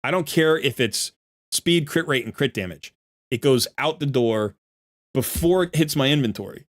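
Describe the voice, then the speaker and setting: A man's voice: mid-range voice, expressive, moderate pace. A man streaming a game and coaching viewers, talking bluntly and emphatically and often repeating himself, sounding a bit irritated. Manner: sounds irritated while sorting gear. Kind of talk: casual livestream commentary.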